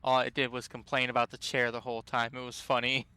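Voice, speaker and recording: A man's voice: mid-range voice, monotone, fast talker, pushed and bright, smooth, no room sound. A man casually commentating his video game playthrough, chatty and amused, reading game text aloud. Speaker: streamer. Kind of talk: casual let's-play commentary.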